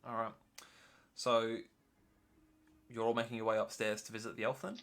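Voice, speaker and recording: A man's voice: mid-range voice, moderate pace. Man running a tabletop game. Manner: relaxed, hesitant with many fillers. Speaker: game master.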